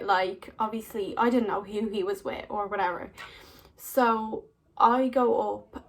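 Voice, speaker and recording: A young woman casually telling stories to camera, chatty and full of "like" fillers. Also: a little high. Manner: chatty, many "like" fillers, laughs often. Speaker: vlogger. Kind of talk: casual storytelling.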